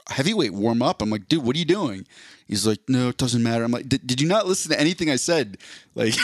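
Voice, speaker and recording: In a clean studio recording with no room sound, a medium-pitched man in his forties hosts a podcast. He casually tells a long story, wandering off track, swearing, and filling it with ums and restarts.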